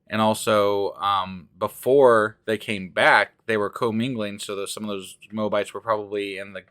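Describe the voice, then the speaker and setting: A man's voice: fairly low pitch, fairly even intonation, moderate pace, fairly bright tone, clean tone. A man co-hosting a casual podcast from home, ranting in an exasperated way and swearing a lot. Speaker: podcast co-host. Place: living room at home.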